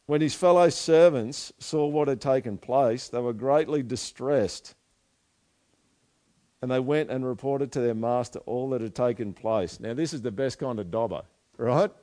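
Male pastor, conversational sermon, fond of quiet asides and questions to the room. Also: medium pitch, measured pace. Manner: chatty, asks the listeners questions, drops to quiet asides.

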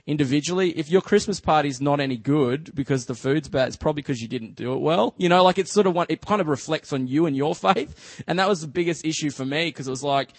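Chatty Australian man with a higher voice. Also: fast talker, no room sound. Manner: relaxed and chatty, full of "just" and "you know". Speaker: church speaker. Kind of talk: casual storytelling sermon.

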